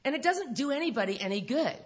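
A woman's voice: sits high, expressive, fast talker, slightly rough. A middle-aged woman telling her story to a recovery meeting, blunt and profane, laughing often as she talks. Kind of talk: candid storytelling talk to an audience. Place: live speaking event.

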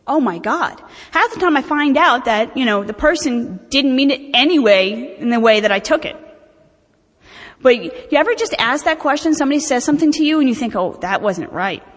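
At a recovery meeting, a middle-aged woman talks candidly and animatedly about her own recovery, using self-mocking humor. Her voice is high-pitched and a little fast, with long hall reverb in the recording.

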